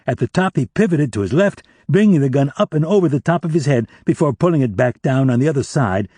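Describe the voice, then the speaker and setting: Husky male audiobook narrator. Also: medium pitch, mellow, no echo. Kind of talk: scripted thriller narration.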